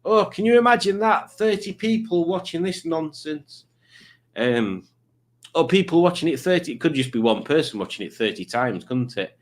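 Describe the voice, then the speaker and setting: A livestream host chats casually and jokes around, reading viewer messages aloud in silly voices. His pitch is fairly high and sing-song, and he speaks at a moderate pace.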